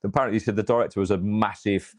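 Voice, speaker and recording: A man's voice: on the low side, steady tone, very fast, no echo. Rambling male football fan, dry sound. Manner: rambling, many restarts and fillers, matey. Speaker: podcast co-host. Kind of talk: casual football fan chat.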